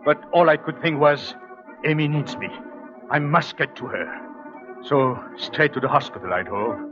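A man playing the leading husband and narrator in a 1940s radio drama, talking in a hushed, intense, pleading way. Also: a little high, expressive, normal speed, close to an everyday voice. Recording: dull 1940s radio broadcast with faint music.

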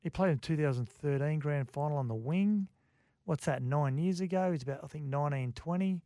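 Aussie bloke on sports radio, slightly high voice, dry studio sound, chatty and easygoing. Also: male voice, fairly quick, mellow, no echo. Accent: Australian. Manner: reads listener texts, tells jokes, easygoing banter. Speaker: radio sports show co-host. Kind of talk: casual radio sports chat. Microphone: studio microphone.

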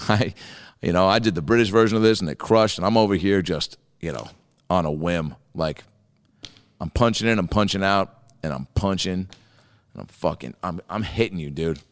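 A man's voice: deep voice, normal speed, dry recording, long reverb tail. A man impersonating a blunt, cruel male talent-show judge who tears into contestants with profane put-downs. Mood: scornful.

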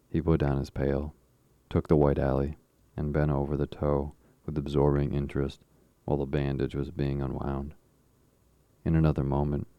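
A man narrating a classic novel as an audiobook in a measured, even storytelling manner. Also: rumbling low, dry recording, highs cut off.

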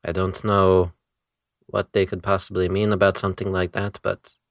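A man with a very low voice plays in a tabletop game, laid-back and measured. The sound is close and dry. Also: monotone, dry recording. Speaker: player. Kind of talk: tabletop role-play.

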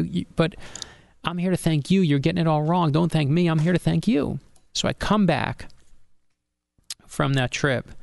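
Guest author, middle-aged man, gravelly, animated storyteller, dry close sound. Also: medium pitch, no echo. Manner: animated storyteller, acts out dialogue. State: getting emotional. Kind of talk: storytelling in an interview.

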